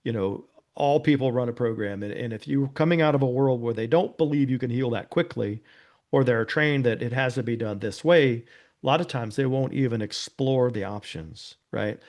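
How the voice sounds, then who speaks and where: A man's voice: mid-range voice, normal speed, a little mellow. A man, a former police officer, guesting on an interview and telling a personal story in an earnest, casual way, often adding "you know" and "right?". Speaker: interview guest, nonprofit founder.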